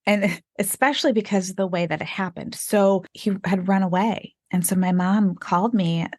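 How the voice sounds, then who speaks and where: A woman's voice: mid-range voice, normal speed, dry recording. A woman in her forties, a podcast guest, telling her story candidly and acting out the lines she quotes with animation. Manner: animated, acts out quoted dialogue.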